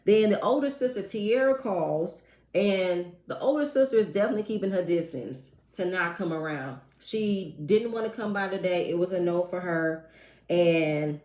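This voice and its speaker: A woman's voice: fairly low pitch, moderate pace, darkish tone. A woman giving a casual, sassy recap of a reality TV episode with slangy asides. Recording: echoey room.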